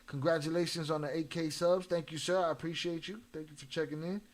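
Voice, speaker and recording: Male streamer with a Chicago accent, slangy, laid-back chat, a bit high-pitched. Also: fairly even intonation, quick pace. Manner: loose, slangy, reads chat aloud. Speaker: livestream host reacting to videos. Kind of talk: casual live stream chat.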